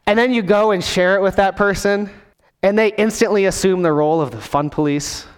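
A man's voice: high-pitched, brisk, clean tone, big-room sound. A man preaching a sermon in a storytelling way, acting out scenes with different voices. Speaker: pastor.

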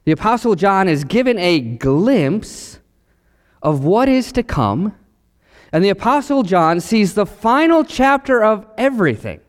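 A male pastor giving a sermon, measured at first and then building to emphatic, rising declarations. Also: sits high, very animated, long reverb tail.

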